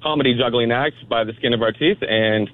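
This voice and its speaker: A man calling into a radio show, easygoing and relaxed as he tells a story. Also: mid-range voice, fairly quick, no echo. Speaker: radio caller, professional juggler. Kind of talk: phone-in storytelling. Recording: dry tinny phone line.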